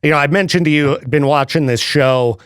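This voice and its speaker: A man's voice: a little high, a little fast, clear, resonant tone, no room sound, studio quality. A man hosting a radio show, chatting casually and laughing often. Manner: lively, animated, laughs often. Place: radio studio.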